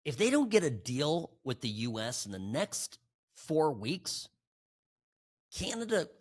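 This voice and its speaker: A male podcast host giving sarcastic, animated political commentary. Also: on the high side, measured pace.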